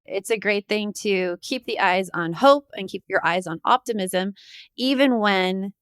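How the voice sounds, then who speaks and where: A woman's voice: lowish voice, creaky, fairly bright tone, no echo. A woman hosting an interview podcast, asking questions and adding affirming remarks about herself. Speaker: podcast host.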